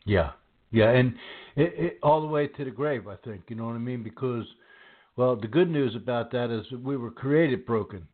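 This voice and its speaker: A man's voice: mid-range voice, normal speed. Man in his sixties, talk host, casual and stop-start, thin phone-line audio. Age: 60s. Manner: conversational, repeats words often. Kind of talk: faith conversation.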